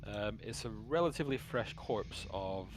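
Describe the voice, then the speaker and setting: A man running a tabletop game on a live stream, with a fairly low voice. He narrates haltingly and often pauses on fillers. There is faint noise behind him. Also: expressive. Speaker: game master.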